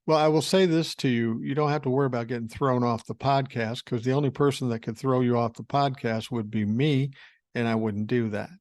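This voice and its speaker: A man's voice: mid-range voice, steady tone, brisk, a little mellow, no echo. A man in his sixties hosting a podcast, reading listener mail and telling rambling stories in a blunt, profane way. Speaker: podcast host. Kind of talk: casual podcast talk reading listener email.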